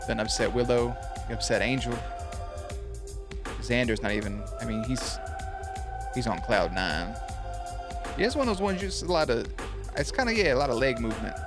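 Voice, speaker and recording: A man hosting a casual reaction video, talking in a slangy, profane, animated way. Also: mid-range voice.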